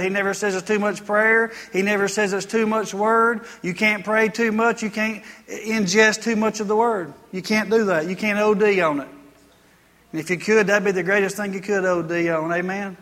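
A man's voice: high voice, steady tone, moderate pace, fairly bright tone, long reverb tail. A man preaching a sermon as pastor, earnest and folksy, repeating phrases for emphasis.

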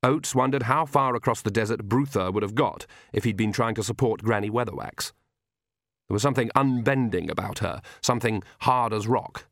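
A man reading a comic fantasy novel aloud as narrator, in a measured, wry storytelling manner. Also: fairly low pitch, a bit bright, dry recording, studio quality. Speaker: audiobook narrator. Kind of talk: scripted narration.

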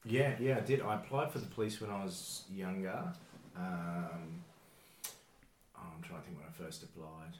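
A man's voice: low-pitched, fairly even intonation, normal speed, a little hiss or hum. A young Australian man, a former bouncer, chatting casually as a podcast guest, rambling, laughing and swearing freely. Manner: laid-back, rambling, swears, laughs often. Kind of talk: casual chat. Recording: roomy echoey room, faint ambience.

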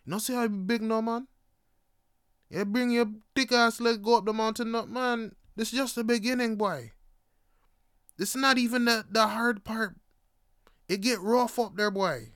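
A man's voice: extremely high pitch, fairly even intonation, moderate pace, long pauses, a bit bright, clear, resonant tone, no room sound, studio quality, voice pushed up. A man doing a mocking Jamaican hiker. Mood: teasing. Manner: mocking, blunt.

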